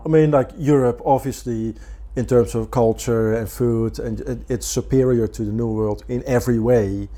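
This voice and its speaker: A man, a scientist guest in a casual chat, explaining calmly with dry humor. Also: medium pitch, normal speed. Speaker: guest, evolutionary biologist.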